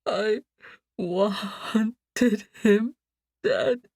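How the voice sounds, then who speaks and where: A woman's voice: mid-range voice, drawn-out words, gravelly, darkish tone, breathy edge, no echo, studio quality, pitched above the performer's own voice, exaggerated voice. A woman voicing a grieving young man who mumbles and sobs in his sleep, his words muffled and weak. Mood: sobbing.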